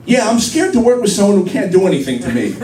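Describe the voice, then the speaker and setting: A young man with a high, sing-song voice talks fast through a rambling stand-up set, landing self-deprecating punchlines before a live audience. It sounds echoey and distant, as if recorded across a hall, with crowd noise throughout.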